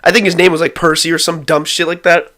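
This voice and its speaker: A man's voice: on the high side, fast. A young man telling a rambling, profane story about a night with friends in a casual vlog. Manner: rambling, swears constantly, excitable retelling.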